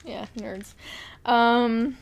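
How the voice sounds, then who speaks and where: Young woman, podcast co-host, loose chatty delivery with swearing, a bit high-pitched. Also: steady tone, very slow, vocal fry, lo-fi sound. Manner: chatty, swearing, laughs often. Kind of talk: casual chat.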